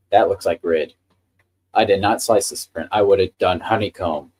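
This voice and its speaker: A man's voice: on the low side, normal speed, darkish tone, breathy edge. A man hosting a casual live stream, chatting with enthusiasm about the printer he is handling. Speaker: livestream host.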